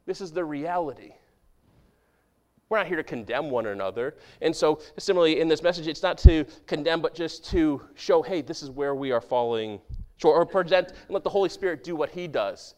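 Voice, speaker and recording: A man preaching a sermon as pastor, talking conversationally and asking his congregation questions, dropping to a hushed voice for quoted prayers and scripture. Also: fairly high pitch, expressive, a little fast. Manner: drops to a hushed voice when quoting prayers and scripture.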